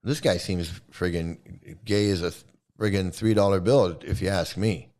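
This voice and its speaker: A man with a fairly low voice hosts a commentary rant. He talks heatedly and swears freely, often stumbling into repeats when he gets worked up. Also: steady tone, measured pace, a little mellow. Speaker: commentary host.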